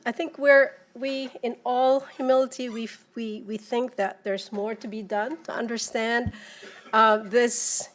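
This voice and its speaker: Woman conference presenter at the podium, halting delivery, lots of restarts. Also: fairly high pitch. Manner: halting, many repeated words and restarts. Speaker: panel presenter.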